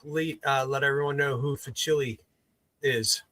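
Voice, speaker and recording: A man's voice: medium pitch, steady tone, moderate pace, sharp tone, no echo. A man chatting casually as a guest, jokey and laughing often. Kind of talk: casual chat.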